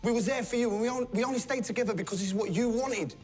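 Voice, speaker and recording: An actor playing an agitated band member who swears a lot. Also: male voice, extremely high pitch, very fast, a little mellow, faint music behind.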